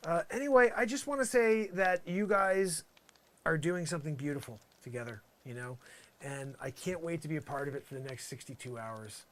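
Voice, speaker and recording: Speaking at normal speed in a fairly high voice, a man delivers an improvised comedy monologue as if outdoors at a campsite. He rambles, exasperated and sarcastic, leaning on filler phrases.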